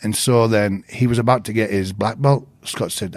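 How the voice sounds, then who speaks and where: A man's voice: lowish voice, moderate pace, hardly any pauses, no room sound. Guy on a podcast, chatty storyteller, laughs a lot, dry close mic. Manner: animated, laughs often, quotes people in changed voices. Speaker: podcast guest, martial arts instructor. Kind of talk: casual storytelling.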